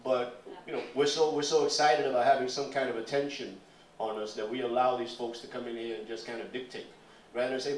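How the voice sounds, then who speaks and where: An older man with a Nuyorican accent telling a story on stage at a small café, animated, profane and conversational. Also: mid-range voice, fast. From Puerto Rican New York. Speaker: spoken word performer. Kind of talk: live storytelling. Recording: roomy live stage from far off.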